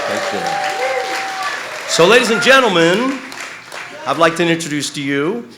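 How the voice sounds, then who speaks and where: A man's voice: on the high side, big pitch swings, measured pace, long pauses, over a noisy crowd, very noisy. A middle-aged man giving a live introduction, a rambling, self-deprecating storyteller full of fillers and restarts. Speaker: guest introducing the main speaker. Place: live venue before an audience.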